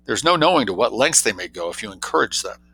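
A man reading an audiobook, voicing a droll young gentleman who tells tall tales in an arch, quick, mock-grave way. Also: fairly low pitch, very animated, breathy edge, heavily acted, rough recording.

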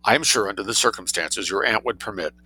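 A man's voice: fairly low pitch, fast, sharp tone, husky, full character voice, poor audio. A man reading aloud, voicing a flustered, exasperated older lady trapped in a garden. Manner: reluctant, exasperated.

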